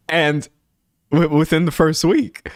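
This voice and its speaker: A man's voice: fairly high pitch, big pitch swings, very slow, gravelly, no echo, studio quality. A man hosting a livestream in a casual rant, laughing often and rambling with restarts, talking into a streaming microphone at a home setup. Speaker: livestream host.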